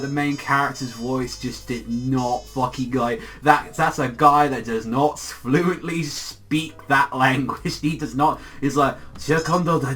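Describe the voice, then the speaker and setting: A man casually reviewing an anime episode, rambling excitedly with lots of swearing and constant "like" fillers. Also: medium pitch. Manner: excitable, profane, heavy use of filler "like".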